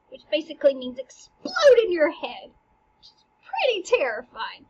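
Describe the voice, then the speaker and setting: A woman's voice: high-pitched, moderate pace, lo-fi sound. Jokey woman explaining a play. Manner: animated and jokey, with playful asides. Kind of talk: casual explanatory lesson.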